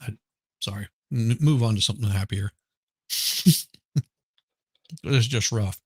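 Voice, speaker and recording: Husky, low-voiced male stream guest. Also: slow, darkish tone, dry recording. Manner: rambling, trailing off mid-sentence. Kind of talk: casual chat. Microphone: video call.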